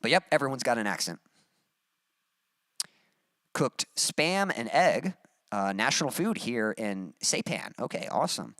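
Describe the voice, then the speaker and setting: This man from Texas, a musician with a gentle Texas twang, casually talks through his livestream chat, meandering and leaning on fillers. He speaks in a mid-range voice at a measured pace with long pauses, recorded clean in the studio without room sound.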